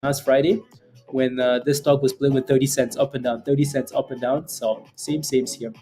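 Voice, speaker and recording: A man streams live, reading viewer questions and talking through prices in an easy, rambling way with plenty of fillers and repeated phrases. His voice is mellow and dark, sitting at an average pitch. Faint music plays underneath. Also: level tone, moderate pace. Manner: chatty, laughs often, repeats phrases, many fillers. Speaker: stock trading livestream host. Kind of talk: casual live commentary answering chat.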